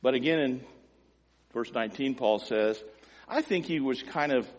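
A man preaches a sermon with emotional, emphatic delivery, swinging from loud, high-pitched emphasis to quiet, low asides at normal speed. The audio is dull and has a long reverb tail.

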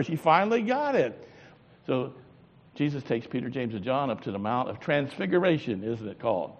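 A man preaches a sermon in a slightly high, animated voice that leaps from ringing exclamations down to hushed, intense murmurs. He keeps asking the congregation rhetorical questions. A long reverb hangs in the church hall around him. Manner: emphatic, swings from loud exclamations to low intense murmurs.

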